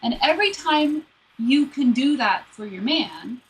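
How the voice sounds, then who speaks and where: A woman's voice: sits high, animated, measured pace, husky, rough recording. A woman working as a relationship coach, earnestly walking through numbered advice in a conversation. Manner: earnest, lays out numbered steps, drops into playful quoted voices.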